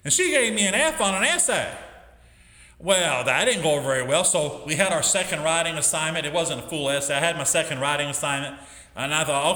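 A middle-aged man, a school teacher, telling a testimony in an emphatic, animated storytelling way. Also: a little high, moderate pace. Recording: echoey hall with long reverb.

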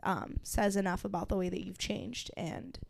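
Twenty-something woman ranting on a podcast, raspy fry in her voice, dead dry mic. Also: medium pitch, fairly even intonation, normal speed, dry recording. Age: 20s. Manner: candid, emotional storytelling with heavy filler and swearing. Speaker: podcast co-host. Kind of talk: casual podcast chat.

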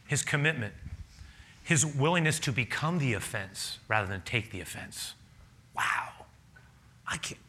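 A male pastor delivering a sermon with animated storytelling. His voice is strikingly bright and swings widely in pitch as he acts out dialogue and laughs. Faint room ambience sits behind him. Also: unhurried, long pauses, slight background noise. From a city.

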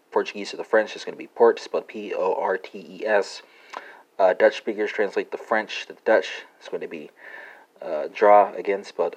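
Low-voiced man teaching with many fillers. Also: rough recording. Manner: hesitant, many fillers, spells words letter by letter. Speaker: language podcast host. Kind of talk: unscripted language lesson.

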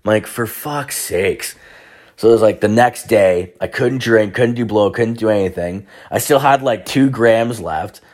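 A man's voice: fairly low pitch, normal speed, hardly any pauses, darkish tone. A young man telling a rambling, profane personal story in casual chat. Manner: profane, rambling, many restarts and fillers.

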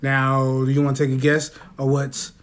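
A man's voice: mid-range voice, monotone, normal speed. A man hosting a casual podcast, loose and joking, laughing often and swearing freely. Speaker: podcast host. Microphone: phone.

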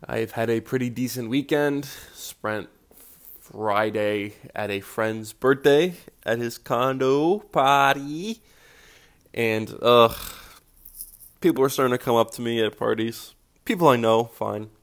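A man's voice: medium pitch, slow pace. A man hosting a casual solo podcast, with a groggy morning voice, self-deprecating and swearing casually. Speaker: podcast host.

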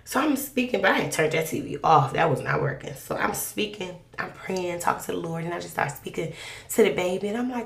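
A woman telling a personal faith testimony in a conversational, animated, colloquial way. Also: on the low side, a little fast, creaky, reverberant. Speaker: podcast guest sharing a testimony.

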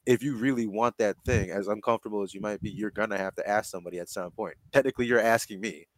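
A man chatting casually and swearing freely, telling stories in an animated way with plenty of "like.". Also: on the low side, fast. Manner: profane, animated storytelling full of "like". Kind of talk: casual chat.

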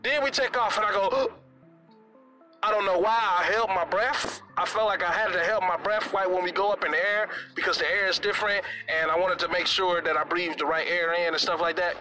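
A man telling a comic story in an animated, exaggerated, slangy way, with music playing underneath. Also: high-pitched, fairly quick, hardly any pauses, low-quality recording.

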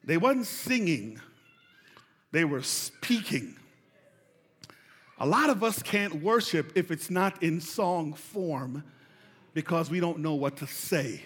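A man, preaching a sermon with call-and-response and building to shouts. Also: on the high side, expressive, takes it slowly, long pauses, husky. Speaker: pastor. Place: large church hall. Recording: reverberant church hall.

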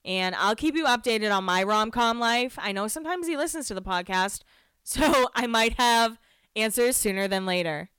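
A young woman chats through her solo podcast with a bright, forceful voice that comes across smooth and crisp. She gossips freely, peppers her talk with "like," and swears without a second thought. The sound is close and dry, with no room around it. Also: on the high side, animated, moderate pace, dry recording. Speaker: podcast host. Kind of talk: casual solo podcast chat.

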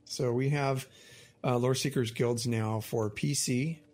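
A man's voice: medium pitch, steady tone, slow, darkish tone. A man co-hosting a podcast, chatting casually in a playful, teasing way. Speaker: podcast co-host. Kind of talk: casual chat.

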